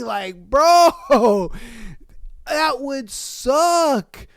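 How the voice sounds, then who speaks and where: A podcast host reading listener comments aloud in a casual, animated, slangy way, laughing and swearing often. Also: high-pitched, very slow, dry recording, studio quality.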